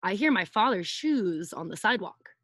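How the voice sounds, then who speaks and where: A woman's voice: mid-range voice, expressive, moderate pace, fairly bright tone, dry recording. A woman preschool teacher reading a picture book aloud to children over a video call, playfully acting out sound effects and asking them to join in.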